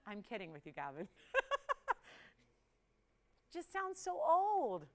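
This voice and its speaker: A woman's voice: very high voice, wildly swooping pitch, very slow, long pauses, bright, forceful tone. A woman hosting a live on-air jewelry shopping show, chatty and playful, laughing often and teasing the crew. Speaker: shopping channel host.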